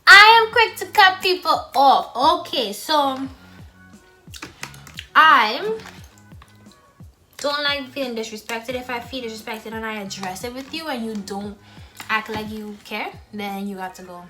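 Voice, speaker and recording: A young woman with a bright, clear voice talks frankly to the camera between bites of food. Her pitch sits a little high and her delivery stays blunt and matter-of-fact. Soft music plays faintly behind her. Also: a little slow, pauses often. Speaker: mukbang vlogger. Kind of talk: casual talk while eating. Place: at home.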